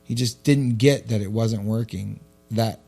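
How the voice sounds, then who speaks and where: A man, co-hosting a podcast and telling a story in casual chat. He swears freely and gets loud and animated. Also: fairly low pitch, unhurried, gravelly, soft background music. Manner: profane, animated storyteller who shouts when quoting himself. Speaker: podcast co-host.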